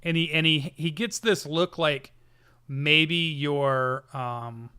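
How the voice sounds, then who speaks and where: A man narrating as game master of a tabletop game, rambling and animated with many restarts. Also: on the high side, slow, smooth.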